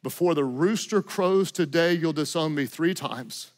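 A calm, knowing teacher who speaks low and gentle, as a preacher puts him on. He delivers a quiet warning without haste. The voice sits lower and softer than the preacher's own. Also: unhurried.

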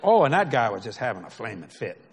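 A man's voice: mid-range voice, big pitch swings, fast talker, a faint crowd, a little hiss or hum. A man preaching a sermon through folksy stories, chuckling often and checking that his listeners follow. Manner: folksy, conversational, asks the audience if they follow. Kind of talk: storytelling sermon.

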